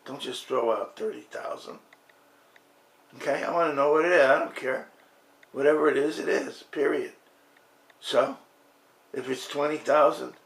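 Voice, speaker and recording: A man's voice: mid-range voice, creaky, fairly bright tone, echoey room. A man delivering an impassioned political rant, emphatic and repetitive, stopping often to ask "okay?". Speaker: commentator.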